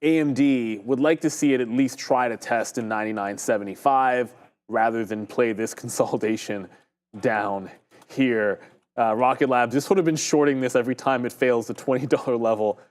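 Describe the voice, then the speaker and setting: Male co-host, relaxed live chart commentary. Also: mid-range voice, moderate pace. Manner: casual, reads sponsor copy then riffs on charts. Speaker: market show co-host. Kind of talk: casual live trading commentary with sponsor reads.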